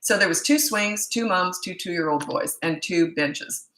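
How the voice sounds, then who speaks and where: A woman's voice: on the low side, measured pace, fairly bright tone, reverberant. A woman parenting coach giving blunt, emphatic advice in a casual monologue, repeating her points for stress.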